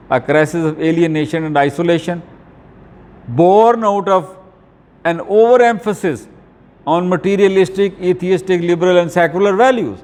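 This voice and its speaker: A male lecturer gives an academic talk at a deliberate, halting pace, frequently stopping on fillers and starting phrases over. For a man, his voice is slightly high and a bit mellow. A long hall reverb trails behind the sound.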